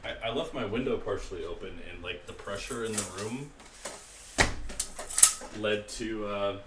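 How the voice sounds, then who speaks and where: A young man livestreaming a racing game from his room, chatting and joking with his viewers in quick asides. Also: lowish voice, very noisy. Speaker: gaming streamer. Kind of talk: live stream chat and play-by-play. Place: home room. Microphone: desk mic with webcam.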